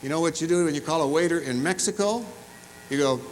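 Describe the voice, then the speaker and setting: Man, higher-pitched, commencement speaker at a podium mic, animated and jokey with the crowd. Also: fast, slight background noise, low-quality recording. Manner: animated, humorous storytelling with audience asides. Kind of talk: commencement address. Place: large university fieldhouse.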